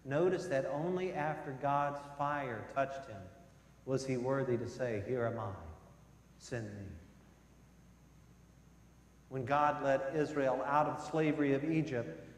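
A male pastor preaching a sermon, swinging between loud emphasis and soft, low passages. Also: measured pace. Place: church sanctuary. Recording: echoey church hall with long reverb.

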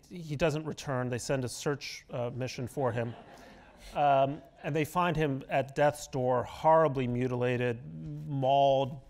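A man's voice: medium pitch, darkish tone. A middle-aged man, a guest columnist in an onstage interview, talking in an emphatic, argumentative way and telling stories with relish. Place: auditorium stage before an audience.

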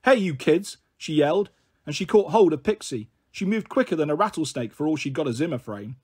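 A man reading a children's novel aloud, expressive in his narration. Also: a little high, fairly quick, husky. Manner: expressive, shifts voice for characters. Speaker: storyteller.

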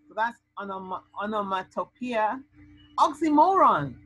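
A woman tutor teaching an SAT lesson over a video call, explaining with lively, animated delivery. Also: medium pitch, measured pace, breathy edge, no echo, poor audio. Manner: lively, animated explaining with sound-word outbursts.

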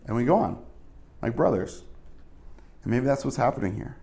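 A man's voice: medium pitch, big pitch swings, normal speed, creaky, warm tone. A male pastor giving a casual, conversational sermon, full of asides and fillers.

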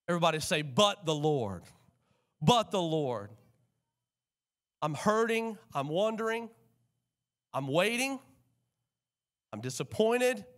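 A man preaching a sermon in a church, animated and calling on the congregation to respond. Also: high voice. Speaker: pastor. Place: church sanctuary.

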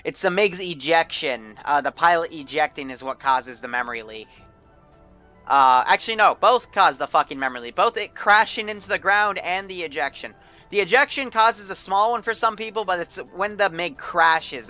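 A brash male streamer with a fairly high, bright and forceful voice, running a multiplayer military game for his players. He chats casually, swears freely and barks orders at them, with faint music playing underneath. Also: expressive, normal speed. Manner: brash, profane, bossy toward players. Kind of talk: casual livestream commentary.

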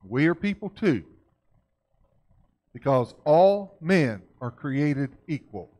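Folksy higher-voiced man lecturing a congregation. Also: big pitch swings, slow, darkish tone. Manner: folksy, keeps asking the audience questions. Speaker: church lecturer. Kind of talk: conversational church lecture.

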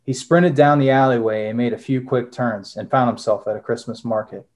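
A man's voice: mid-range voice, brisk, darkish tone. Young man, author with lots of "uh"s. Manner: casual, many "uh" fillers. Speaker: author, former Marine. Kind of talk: interview answers and reading from his novel.

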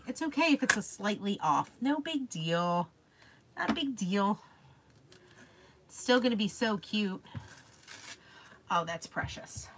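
Bright-voiced young woman, casual craft-stream host, effusive and chatty with viewers. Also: on the high side. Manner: gushing, talks to viewers by name.

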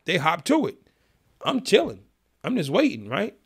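A man retelling his past in an interview, speaking calmly and plainly in a streetwise way. His fairly high voice is gravelly and moves up and down a lot. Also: normal speed. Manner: calm, streetwise, vivid retelling. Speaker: guest. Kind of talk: storytelling in an interview.

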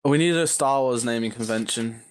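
A man's voice: medium pitch, normal speed. A man from the UK teasing and laughing with friends during a livestreamed game. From United Kingdom. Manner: giggly, teasing. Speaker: gamer on a livestream. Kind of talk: casual chat while gaming.

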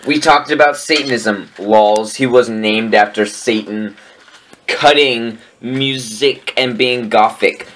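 Slow-talking man reading fan fiction. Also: mid-range voice, a bit bright. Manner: dry joking asides, laughing. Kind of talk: comedic dramatic reading. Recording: faint background noise.

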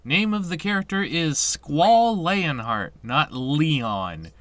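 A man hosting a casual game playthrough, chatting with a nostalgic, rambling manner and plenty of fillers. His voice is bright and forceful, with lively swings in pitch and an unhurried pace. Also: no echo. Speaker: let's play host.

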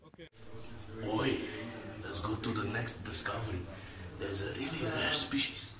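Excitable young man spoofing a wildlife reporter. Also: fairly low pitch, measured pace, over a noisy crowd. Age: young adult. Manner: excitable, shouty, calls out "oi". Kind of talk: comic nature-documentary spoof. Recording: echoey room with loud background noise.

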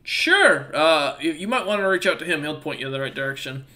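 A man voicing a smooth-talking male merchant with cheerful salesman patter. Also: fairly high pitch, lively intonation, fairly quick, sharp tone. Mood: friendly, scheming.

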